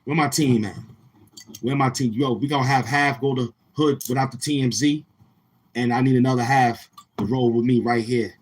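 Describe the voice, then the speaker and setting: A man's voice: mid-range voice, steady tone, normal speed, slightly rough, low-quality recording. A man hosting a casual livestream, talking in brash, heckling, slang-heavy banter. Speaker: live-stream host.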